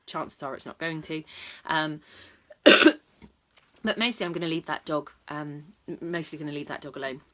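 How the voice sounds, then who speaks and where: Low-voiced woman giving casual dog advice. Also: fairly even intonation, moderate pace, fairly bright tone. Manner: chatty, matter-of-fact, many ums and restarts. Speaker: dog trainer and vlog host. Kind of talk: casual advice talk to camera.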